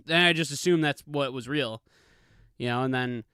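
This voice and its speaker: A man's voice: mid-range voice, normal speed, pushed and bright, smooth, no echo. A man in his thirties hosting a casual solo podcast, rambling and swearing freely in a laid-back way on a studio microphone. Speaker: podcast host. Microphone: studio microphone with pop filter.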